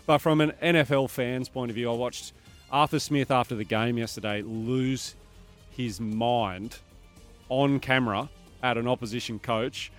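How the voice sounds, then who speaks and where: A man's voice: mid-range voice, a little slow, soft background music. An Australian man co-hosting a breakfast sports radio show, chatting casually and reading listener texts aloud.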